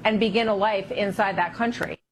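A woman's voice: medium pitch, steady tone, brisk, a little hiss or hum. A woman hosting a TV interview, questioning her guest in an incredulous and challenging way. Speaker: TV news host.

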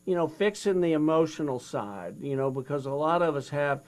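Older guy on an interview, telling his story, does both voices in the dialogue, kinda high voice. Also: moderate pace. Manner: animated retelling, acts out both sides of a dialogue. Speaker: guest.

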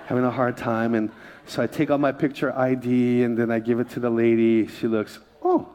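A male pastor preaching a sermon, telling self-deprecating personal stories with lots of laughter. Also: medium pitch. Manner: animated storyteller, self-deprecating, laughing often.

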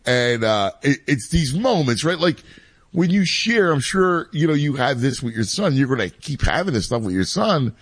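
A man's voice: mid-range voice, big pitch swings, normal speed, no echo. A man in his forties in casual chat, talking in a rambling way with many restarts. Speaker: youth baseball coach and father, co-host.

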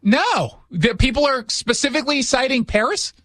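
A man's voice: extremely high pitch, expressive, moderate pace, fairly bright tone, dry recording. A man hosting a radio talk show from his studio, talking casually with sarcastic, joking asides.

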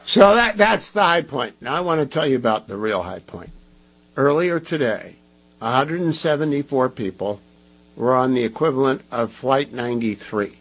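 A man's voice: medium pitch, expressive, moderate pace, a bit bright, slightly rough, low-quality recording. A man hosting a talk radio show, giving emphatic, sarcastic commentary full of rhetorical questions.

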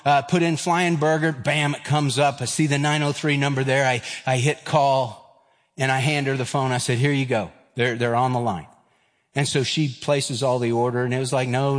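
Man in his fifties preaching in a hall. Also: mid-range voice. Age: 50s. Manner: storytelling, acts out voices, self-deprecating humor. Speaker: pastor. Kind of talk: sermon with personal story.

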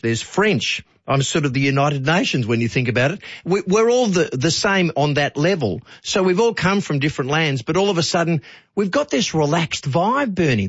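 A man's voice: fairly high pitch, breathy edge, dry recording, muffled recording. A man with an Australian accent hosting talkback radio, chatty and playful, joking with callers. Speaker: radio host.

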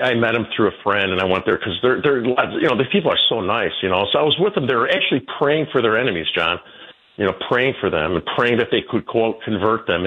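Older man in his 60s, radio guest, rambling storyteller, slightly husky, muffled radio sound. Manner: rambling, repeats words, quotes people in a high voice. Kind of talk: casual radio conversation.

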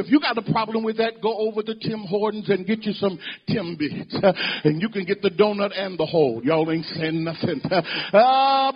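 A man preaching a sermon with call and response, rhythmic, dropping a drawn "uh" between phrases and swelling and falling in loudness as he exhorts the congregation. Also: sits high, breathy edge, dull audio.

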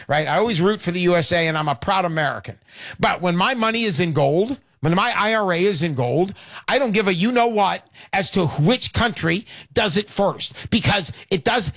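A man hosting a call-in show, pitching with brash, hard-selling talk and lots of repetition. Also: a bit bright, dry recording, studio quality. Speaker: radio show host.

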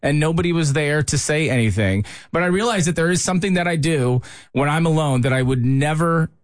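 A man's voice: a little high, fairly quick, no echo. A man hosting a morning radio show, bantering in an upbeat, joking promo style from a studio. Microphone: studio microphone.

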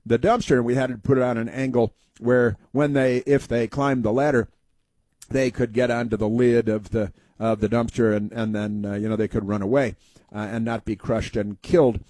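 Male talk radio host, rambling folksy storyteller, warm mellow voice. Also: mid-range voice, fairly even intonation, no room sound. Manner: halting, many uh fillers and restarts.

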